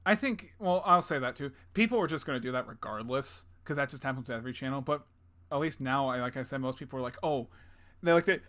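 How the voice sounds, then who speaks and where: A man's voice: mid-range voice, expressive, fast talker, bright, forceful tone. A man co-hosting a gaming podcast in casual chat, rambling with lots of fillers and crude jokes. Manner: rambling, filler-heavy, crude jokey banter. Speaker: podcast co-host.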